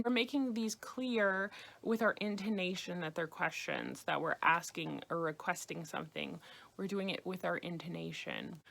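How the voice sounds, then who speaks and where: A woman's voice: on the low side, a bit bright. American woman teaching travel phrases. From United States. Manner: repeats phrases slowly and clearly. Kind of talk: casual spoken lesson.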